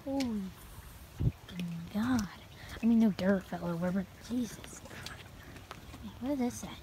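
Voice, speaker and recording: A woman's voice: medium pitch, measured pace, background noise. Jumpy woman muttering on a forest trail. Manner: jumpy, swears often, mutters half under her breath. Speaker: vlogger. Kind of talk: nervous solo walking vlog. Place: outdoors on a wooded trail. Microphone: phone held in hand.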